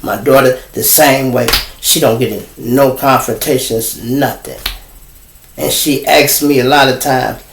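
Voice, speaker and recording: A man's voice: mid-range voice, steady tone, measured pace, a little hiss or hum. A middle-aged man with a Chicago accent hosts a casual livestream monologue, blunt, profane and preachy as he lectures his viewers. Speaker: show host. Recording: roomy echo.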